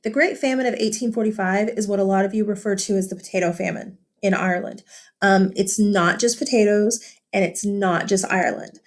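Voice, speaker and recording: A woman's voice: medium pitch, brisk. A woman teacher talking through a vocabulary lesson in a casual, chatty way, with many fillers and tag questions. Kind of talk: recorded classroom lesson.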